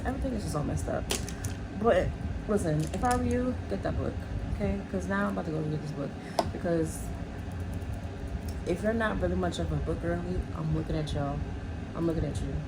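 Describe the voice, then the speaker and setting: A tired young woman chatting casually while doing her makeup, telling stories in lively, slangy bursts. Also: on the low side, normal speed, very noisy. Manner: animated, slangy storytelling with laughs. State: tired after a workday. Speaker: beauty vlogger.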